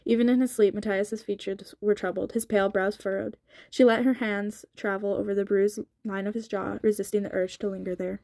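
A woman narrating a novel in a sped-up audiobook reading, with a steady delivery and small slips. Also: mid-range voice, a little fast, gravelly, dry recording.

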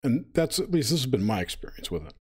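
A man on an interview panel who talks in a measured, hesitant way. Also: medium pitch, big pitch swings, husky. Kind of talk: casual interview.

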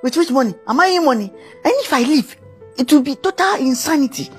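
A woman's voice: sits high, lively intonation, fairly quick, soft background music. A woman playing a heartbroken, dramatic male musician in a comedy skit, wailing and repeating herself. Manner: wailing, melodramatic, repeats himself. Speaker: comic actor.

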